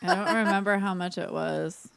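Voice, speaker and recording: A woman's voice: fairly low pitch, steady tone, normal speed, vocal fry, dry recording. A woman co-hosting a casual chat podcast, chatty and teasing, who laughs often. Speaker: podcast co-host.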